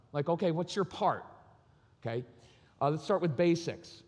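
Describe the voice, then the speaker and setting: A man's voice: a little high, normal speed, darkish tone. Man speaking in a long-reverb hall. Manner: candid, acts out quoted dialogue. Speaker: conference speaker on parenting and marriage. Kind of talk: personal storytelling talk. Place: conference hall.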